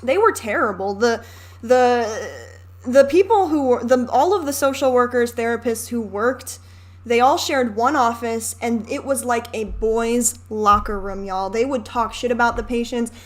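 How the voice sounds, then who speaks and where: A chatty young woman hosting a reaction video, talking over a film in a loose, candid way. Her voice sits a little high, and she rants and swears between asides. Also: unhurried. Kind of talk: casual commentary over a film.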